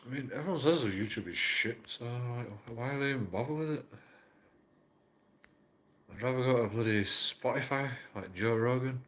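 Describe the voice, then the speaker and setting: A man's voice: medium pitch, moderate pace, fairly bright tone. A man talks in a rambling, emotional monologue for his channel, swearing and repeating himself. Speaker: YouTube auditor vlogger. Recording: roomy echo.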